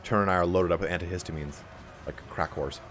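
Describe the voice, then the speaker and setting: A young man with a raspy, allergy-hoarse voice giving casual play-by-play commentary on a strategy game match. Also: deep voice, steady tone, fairly bright tone, a little hiss or hum. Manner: casual, fast-flowing play-by-play with fillers. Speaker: game caster.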